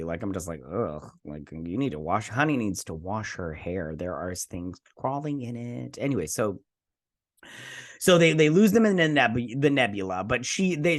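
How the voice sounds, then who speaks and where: A man's voice: mid-range voice, a bit bright. Chatty opinionated man reviewing a show. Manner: chatty, rambling, opinionated, frequent fillers. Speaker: host. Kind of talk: casual TV episode review.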